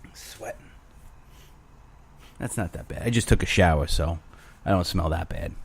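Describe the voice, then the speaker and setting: A man's voice: low voice, brisk, vocal fry, a little hiss or hum. A man hosting his own show alone, rambling crudely with self-mocking humor. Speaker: podcast host. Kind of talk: casual solo rambling.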